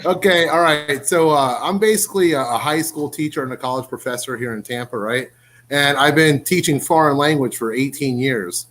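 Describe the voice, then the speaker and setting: A man talking as a podcast guest in casual chat, an animated storyteller who swears casually. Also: a little high, moderate pace. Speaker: guest, cigar writer and language teacher.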